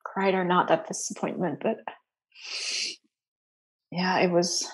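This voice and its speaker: A young adult woman speaking softly and haltingly as a guest in an interview, with many fillers and restarts. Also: lowish voice, flat delivery. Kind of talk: personal interview.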